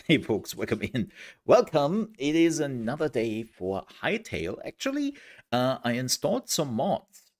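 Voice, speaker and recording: A man's voice: mid-range voice, big pitch swings, normal speed. A man streaming a game, chatting casually in a rambling, joking way. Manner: rambling and jokey, with restarts and laughs. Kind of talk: casual live-stream chat.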